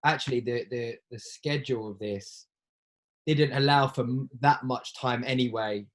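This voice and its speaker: A man's voice: mid-range voice, normal speed, poor audio. A young man talking casually in an interview, easygoing and a little hesitant as he hunts for his words. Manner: easygoing, hesitant, many fillers and restarts. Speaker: actor, interviewee.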